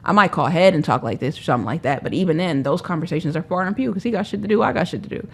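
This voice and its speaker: A young woman telling her life story as a podcast guest, emphatic and animated, acting out the voices of people she quotes. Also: on the low side, rapid-fire, creaky, a little hiss or hum. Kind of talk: candid storytelling.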